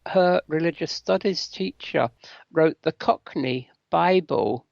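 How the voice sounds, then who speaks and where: Older English male guest, gravelly voice, soft-spoken storyteller, dull lo-fi audio. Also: fairly high pitch, no room sound. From England. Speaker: interview guest. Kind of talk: interview. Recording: dull lo-fi line.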